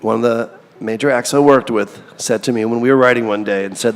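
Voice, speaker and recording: A man's voice: medium pitch, fairly even intonation, brisk, few pauses, big-room sound. A middle-aged man, a songwriter being interviewed, talking candidly and rambling, with a self-deprecating streak. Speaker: songwriter guest. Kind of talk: casual interview.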